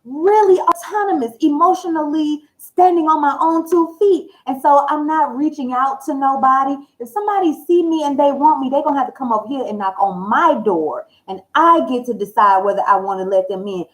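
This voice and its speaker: A woman tarot reader speaking in a frank, animated, colloquial way, confiding in her viewers directly. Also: high voice, fairly quick, few pauses, poor audio. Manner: confiding, addresses listeners directly. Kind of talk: casual personal talk to viewers.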